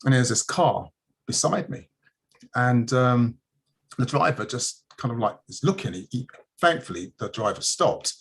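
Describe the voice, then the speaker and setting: A man with a gravelly, husky voice hosts a casual community news livestream. He talks at an everyday middle pitch and rambles through stories, full of fillers and quick restarts. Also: lively intonation. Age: adult, married. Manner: chatty, storytelling, frequent restarts and fillers.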